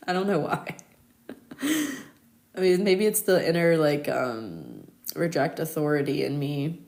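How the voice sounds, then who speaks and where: Low, mellow, and very animated, this woman's voice comes slowly, with vocal fry and long pauses. She's a thirty-year-old American astrologer live-streaming from her Paris home, chatting and storytelling with lots of "like" and frequent laughs.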